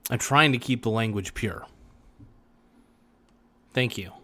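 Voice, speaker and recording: A man talking into a desk mic on a casual livestream, in a mid-pitched voice. He jokes and rambles, drags some words out slowly, then breaks into loud bursts. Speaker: livestream host.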